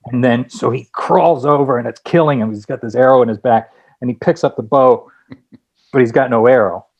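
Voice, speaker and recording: A man who is a guest screenwriter and director, telling lively anecdotes with many restarts in a casual interview. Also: mid-range voice, moderate pace, highs cut off.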